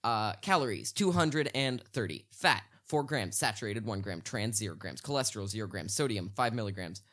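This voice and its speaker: Animated man in playful mock rants. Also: on the low side, brisk. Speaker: podcast guest. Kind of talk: casual podcast chat.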